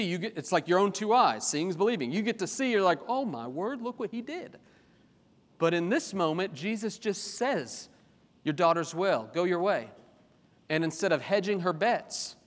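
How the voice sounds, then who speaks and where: Man preaching, animated with humorous asides, fairly high voice, long hall reverb. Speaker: pastor. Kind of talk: sermon. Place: church sanctuary.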